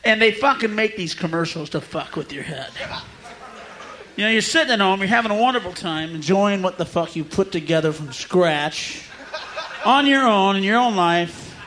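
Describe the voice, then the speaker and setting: A man's voice: sits high, expressive, moderate pace, a bit bright. A man from the United States doing a profane, ranting stand-up comedy set on a live stage. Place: live stage before an audience. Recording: live crowd and noise behind.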